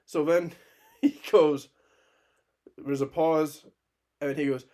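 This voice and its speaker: A man spins a rambling story on a casual podcast, swearing freely and breaking into laughter as he goes. His voice sits a little on the high side for a man. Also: slow pace, pauses often. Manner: animated, profane anecdote-telling with laughs. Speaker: podcast co-host.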